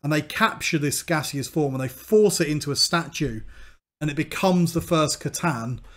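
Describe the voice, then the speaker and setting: A man's voice: a little high, moderate pace, fairly bright tone. A man co-hosting a podcast in casual chat, chiming in with corrections and explanations. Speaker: podcast co-host.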